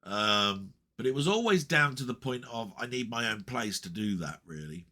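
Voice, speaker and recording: A man's voice: medium pitch, expressive, normal speed, bright, forceful tone. A middle-aged man talking casually and rambling to camera about his week, heartfelt, with many fillers and restarts. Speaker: vlogger.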